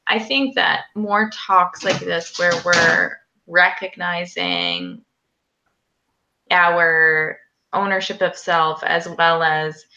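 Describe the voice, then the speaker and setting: A woman hosts a loose online panel, talking brightly with lots of "like" and "you know". Her voice sits a little low for a woman, and the audio is dull and lo-fi like a video call. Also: animated, slow, gravelly, slight background noise. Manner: chatty, laughing often, many fillers. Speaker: host. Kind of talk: casual panel discussion.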